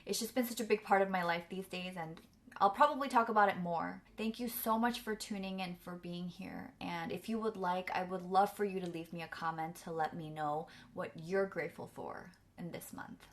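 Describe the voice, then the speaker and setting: A woman's voice: fairly low pitch, fairly even intonation, normal speed. A young woman chatting casually to camera as a vlogger, earnest and effusive, filling her talk with "like" and "you know.". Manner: chatty, filler-heavy with frequent "like".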